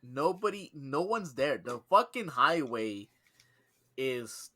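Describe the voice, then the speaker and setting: This young man, a podcast co-host, keeps things casual, telling lively stories at a slow pace in a mid-range voice. Swearing comes freely, and he acts out the lines he quotes.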